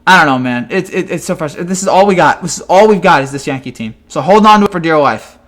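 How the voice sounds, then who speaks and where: A man delivers a fan reaction rant in a voice pitched well above most men's. He sounds exasperated throughout and keeps tripping over his words, restarting sentences as he vents. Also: animated, fast talker, a bit bright. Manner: exasperated and ranting, with frequent stammered restarts. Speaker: sports fan commentator.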